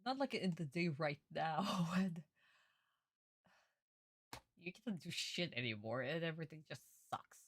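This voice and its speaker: A woman streaming a casual reaction, excitable and rambling, swearing freely. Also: deep voice, unhurried, pauses often, no room sound.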